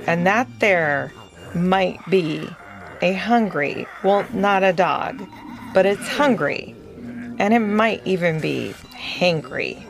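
A woman voicing a brave, flying male dog hero who speaks in a calm, commanding, coaxing way. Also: fairly low pitch, slow pace, creaky, faint music behind, heavily acted. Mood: reassuring.

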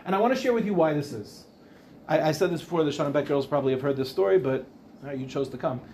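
A man's voice: a little high, fast talker, background noise. A man, a rabbi, giving an informal Torah class, chatty and rambling, often breaking off to ask the audience questions. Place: Ramat Beit Shemesh.

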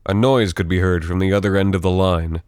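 A man reads scripted fiction aloud in a steady, even storytelling voice. His pitch sits very low, and the recording is dry and close with no room sound. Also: brisk, no room sound. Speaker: narrator.

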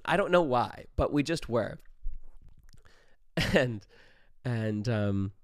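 A young man hosting his own show, telling a profane, animated party story and acting out every quote in his own voice. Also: medium pitch, creaky, no room sound, studio quality. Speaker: podcast host. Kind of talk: casual storytelling.

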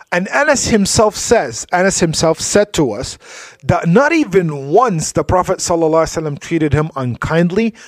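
Speaking on the high side, a man delivers a religious talk as an Islamic speaker, recorded without room sound. His storytelling is conversational, peppered with quiet asides and frequent "you know"s.

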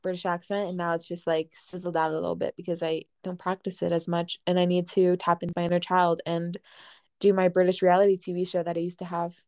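A young woman hosting a casual podcast, talking in a gentle, reflective way with lots of "like". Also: lowish voice, completely flat delivery, fast talker, no echo, studio quality. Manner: gentle, reflective, uses "like" often. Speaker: podcast host.

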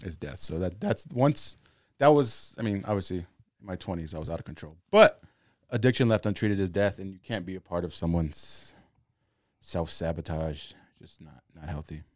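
A man in his thirties, a podcast co-host, talking in an animated, jokey way and swearing freely in casual chat. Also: sits low, moderate pace, no room sound, studio quality. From Puerto Rican.

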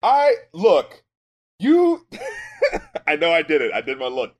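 Excitable, foul-mouthed man with a high voice. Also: takes it slowly. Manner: excitable and profane, swings from mumbling to shouting. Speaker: podcast co-host, music critic and rapper. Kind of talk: casual podcast chat.

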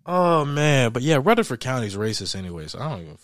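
A young man hosting a podcast, telling a story in an animated, laughing way and acting out the people in it. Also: mid-range voice, fast talker, dry recording. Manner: animated, laughing often, acts out quoted people. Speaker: podcast host. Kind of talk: casual storytelling chat.

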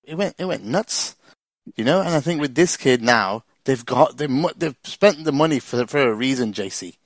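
A man's voice: medium pitch, animated, normal speed, no echo. A man with a Liverpool accent hosting a casual fan chat, enthusiastic and repeating himself. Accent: Liverpool English. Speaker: host.

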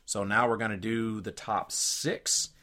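Low-voiced man co-hosting a paranormal podcast. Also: fairly even intonation, a little slow, pushed and bright. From United States. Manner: rambling, reads quotes aloud off notes. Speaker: podcast co-host. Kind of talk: casual chat.

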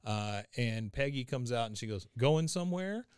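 A man's voice: lowish voice, steady tone, moderate pace, clean tone, no echo, clean studio sound. A man hosting a podcast, casually retelling a cartoon episode scene by scene, acting out lines and laughing often. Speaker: podcast host.

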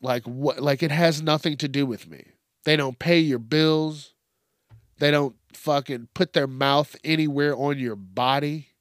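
A man's voice: a little high, fairly even intonation, unhurried, no echo, studio quality. Blunt, profane young man ranting. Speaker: podcast host. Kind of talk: casual solo rant.

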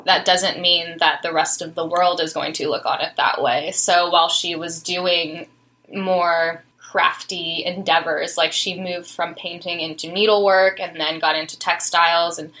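A woman with a bright, clear voice explains art history in relaxed conversation. She is enthusiastic and loose, filling her sentences with "um" and "like" as she goes. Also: lowish voice, a little slow. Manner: enthusiastic, explanatory, many fillers. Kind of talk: casual chat about art history.

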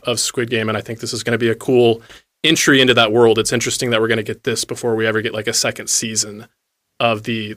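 A man's voice: mid-range voice, a bit bright. A man co-hosting an entertainment news show, talking casually with lots of fillers and restarts. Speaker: co-host.

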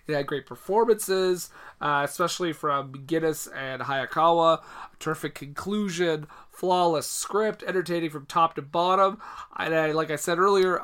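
Young male co-host, even-toned, trivia-heavy and relaxed. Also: on the high side. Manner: matter-of-fact, lists facts with fillers. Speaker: podcast co-host. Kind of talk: casual film discussion podcast.

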